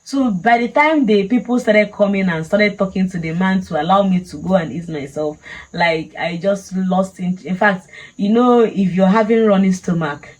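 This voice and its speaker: A woman's voice: medium pitch, normal speed, darkish tone, low-quality recording. A woman with a Nigerian accent, telling a personal story casually and animatedly, laughing often. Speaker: vlogger.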